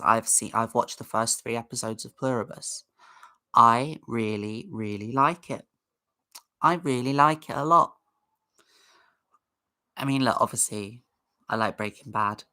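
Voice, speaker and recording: A woman's voice: very deep voice, pushed and bright. A woman hosting a casual livestream, chatting in a rambling way and greeting viewers in the chat. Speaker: livestream host.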